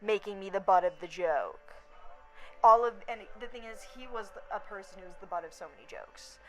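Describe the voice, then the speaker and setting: A young woman talks straight to her audience in a casual vlog rant. She is blunt and profane, and her storytelling is animated. Faint music sits quietly underneath her medium-pitched voice. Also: fairly quick, rough recording. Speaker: vlogger.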